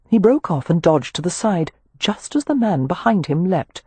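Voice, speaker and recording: An audiobook narrator reading a historical romance with expressive, animated storytelling. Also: medium pitch, moderate pace, hardly any pauses, breathy edge, no echo.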